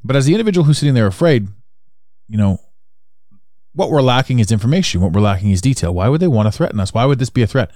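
A man's voice: medium pitch, big pitch swings, fast, mellow, no echo, studio quality. A man with a Canadian accent hosting a solo podcast, talking in a rambling, repetitive way that circles back on his points. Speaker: podcast host.

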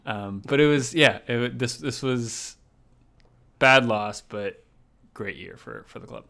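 A man co-hosting a sports podcast, chatting casually and rambling with lots of restarts and animated asides. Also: medium pitch, measured pace, vocal fry. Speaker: podcast co-host. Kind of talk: casual chat.

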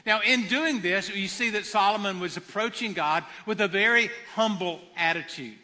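A pastor preaching a sermon in an earnest manner, repeating phrases for emphasis. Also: male voice, sits high, normal speed, pushed and bright, in a large hall.

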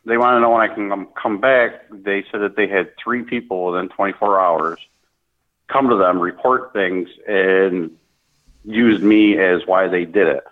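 A man with a very deep voice speaks earnestly and haltingly, often restarting his phrases. He is heard over a thin, tinny phone line. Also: fairly even intonation. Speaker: guest, speaker at military events. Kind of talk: conversational interview.

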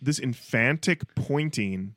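A man co-hosting a podcast in casual chat, retelling scenes with animated little voices. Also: medium pitch, slow pace, no room sound, clean studio sound. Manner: animated storytelling, acts out bits. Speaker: podcast co-host.

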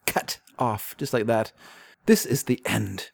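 Casting: man, podcast co-host recapping a comic, animated readings of quoted lines, dry close sound. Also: slow, creaky, no room sound. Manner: animated, reads quoted dialogue in lively higher voices. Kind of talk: casual chat, reading comic aloud.

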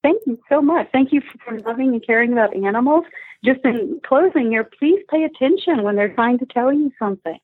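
A woman's voice: high voice, lively intonation, a little fast, no room sound. A woman guest telling animal stories with enthusiasm on a podcast, heard over a phone line. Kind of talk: storytelling interview guest. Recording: husky tinny phone line, dry.

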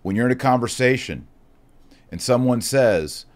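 A middle-aged man, a Catholic speaker, giving an impassioned talk that mixes urging with storytelling. He is earnest and emphatic, swinging from loud calls to action to hushed reflection. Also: mid-range voice, lively intonation, moderate pace.

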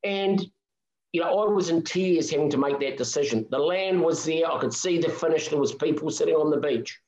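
A man's voice: fairly high pitch, brisk, roomy sound, lo-fi sound. A middle-aged man, a marathon swimming guest telling an emotional story in a podcast interview. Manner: animated, emotional storytelling with restarts.

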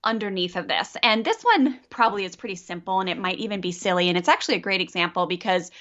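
A woman coaching a parent on a call, chatty and animated, often slipping into acted-out quotes. Her voice is bright and forward at a middle pitch. The sound is dull and lo-fi. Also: fast talker.

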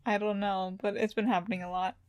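A young woman co-hosting a casual chat, relaxed and heavy on fillers, laughing along. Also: medium pitch, fast.

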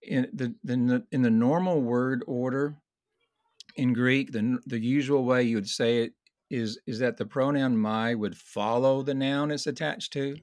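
A man teaching in a conversational Bible study discussion, earnest and explanatory, slowing down to stress key points. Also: mid-range voice, fairly even intonation, a little mellow, no echo, studio quality.

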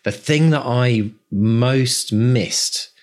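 A man's voice: medium pitch, drawn-out words. A man co-hosting a podcast, enthusiastic and rambling in casual chat. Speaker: podcast co-host.

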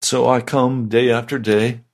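An older man, a pastor, giving a slow, deliberate, conversational sermon. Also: medium pitch, little pitch movement.

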